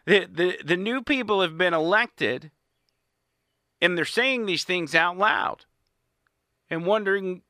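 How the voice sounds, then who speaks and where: A man's voice: sits high, pushed and bright, no echo. A man giving an indignant, sarcastic political monologue as host, recorded in a small studio. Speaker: political commentator. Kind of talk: opinionated monologue.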